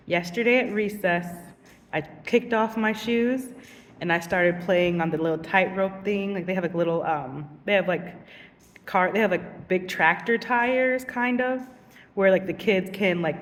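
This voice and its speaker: A young woman teacher telling casual vlog stories, animated and giggly, acting out voices. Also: lowish voice, a little slow, big-room sound, far from the mic, slight background noise.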